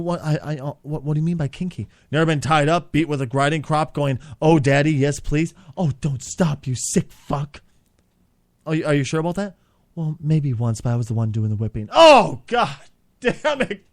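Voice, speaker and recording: Male comedy host, high and very animated, bickering and cursing, leaps between squeaks and growls. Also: no echo. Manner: flips between squeaky outbursts and low grumbling, swears a lot. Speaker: podcast host.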